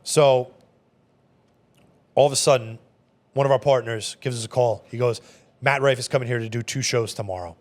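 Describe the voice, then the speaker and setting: A man who manages a bar, telling stories in a casual interview, quick and animated with many fillers. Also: mid-range voice. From Long Island, New York. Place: podcast studio.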